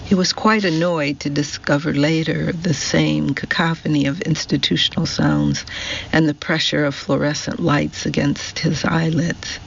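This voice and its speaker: A man reading an audiobook novel in a measured, deliberate narration. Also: on the high side, flat delivery, gravelly, fairly bright tone, dull audio, a little hiss or hum. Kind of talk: scripted narration.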